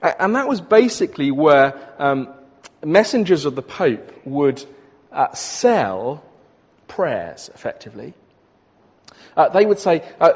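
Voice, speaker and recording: A man's voice: a little high, very animated, a little slow. Hesitant male preacher in a big hall. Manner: conversational, hesitant with many fillers. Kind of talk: sermon with a history lesson. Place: church hall with an audience. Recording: long reverb of a large hall.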